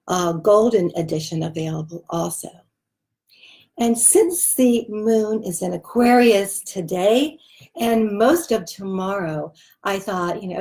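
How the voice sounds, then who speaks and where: Showing her tarot cards, a woman chats in a relaxed, rambling way, full of filler words. Her voice is mid-range and a little mellow.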